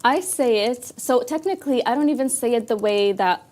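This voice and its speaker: A woman co-hosting a morning show in casual chat, relaxed and patient when explaining. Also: a little high, normal speed. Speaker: co-host.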